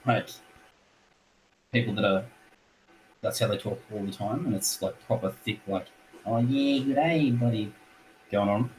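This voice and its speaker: A man's voice: lowish voice, recorded from a distance, a little hiss or hum, low-quality recording. A man chatting on a hobby livestream as a guest, laid-back and laughing often, using local slang. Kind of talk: casual livestream chat.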